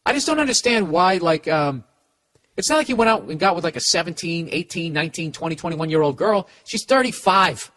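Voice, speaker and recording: A middle-aged Boston-accented podcast host offers profane, ranting comedic advice, tripping into stammered restarts along the way. He speaks briskly with lively intonation, in a slightly bright voice on the high side.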